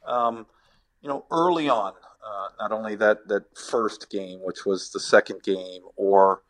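A former ballplayer now working as a sports agent, this middle-aged man speaks with a fairly low-pitched voice. His answers to the podcast's questions are halting and thoughtful, full of restarts.

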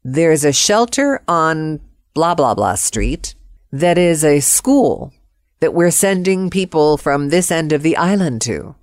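A low, flat and businesslike woman caller, as a storyteller puts her on. She delivers her message plainly and without fuss, in a dry, close sound. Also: slow pace, no room sound, heavily acted. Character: calm woman on the phone for a property office.

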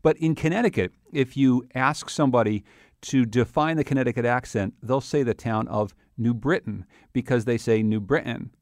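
A man's voice: medium pitch, moderate pace, darkish tone, no echo, clean studio sound. A man hosting a radio interview, asking curious questions. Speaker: radio host.

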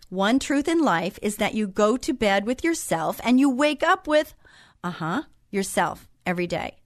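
A woman's voice: medium pitch, expressive, normal speed, dry recording, studio quality. Chatty, encouraging woman hosting a faith show. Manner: chatty, encouraging, wanders off into personal stories. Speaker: host. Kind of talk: Christian talk show monologue.

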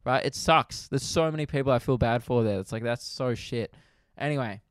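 An animated young Australian man tells a comedy story on his podcast, breaking into laughter and little whoops along the way. His voice sits at an ordinary male pitch. The recording is close and dry, with no room sound. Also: no room sound. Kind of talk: casual storytelling monologue.

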